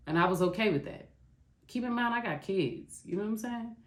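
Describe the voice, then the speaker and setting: With a mid-range voice, lively intonation and a slightly fast pace, this middle-aged podcast host pours out a raw, heartfelt confession. She addresses her listeners directly as "y'all," and the recording echoes in the room.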